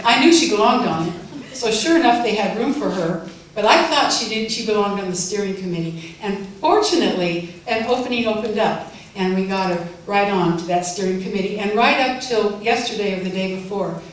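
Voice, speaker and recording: Older woman giving a farewell speech. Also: medium pitch. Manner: heartfelt, gently humorous. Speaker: farewell speaker. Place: event room. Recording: echoey hall from far off, faint noise.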